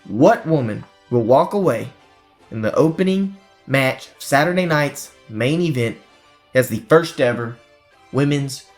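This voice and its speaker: A man hosting a casual wrestling prediction chat, recapping storylines in an animated way. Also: medium pitch, a little slow, soft background music. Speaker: wrestling podcast host.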